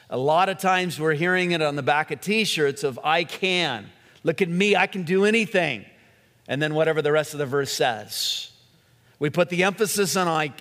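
A man's voice: on the high side, a bit bright. A man preaching a sermon, telling stories earnestly and stressing key words. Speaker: pastor. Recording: long echoing hall reverb.

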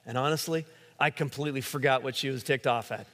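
A male pastor preaching a sermon in a relaxed conversational way, with frequent fillers and restarts. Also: mid-range voice, fast talker, long reverb tail.

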